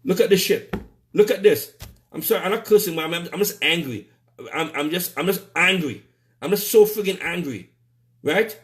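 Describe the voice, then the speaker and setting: On a live stream, a Trinidadian man with a high, animated voice rants in anger at a normal speed. He comes from Trinidad and Tobago and keeps repeating himself, cursing and restarting his sentences as he stumbles.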